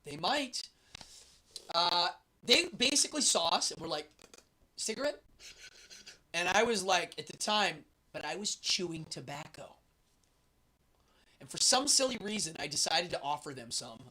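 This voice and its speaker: A man's voice: on the high side, lively intonation, moderate pace, pauses often, sharp tone. A man hosting a show, telling a travel story in a casual, rambling way with many fillers.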